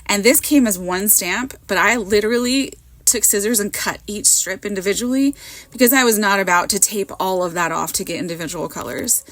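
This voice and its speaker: A woman with a hoarse voice from a cold, doing a casual voiceover of her card making, bubbly and giggly and poking fun at herself. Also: mid-range voice, brisk, fairly bright tone, no room sound. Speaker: card maker.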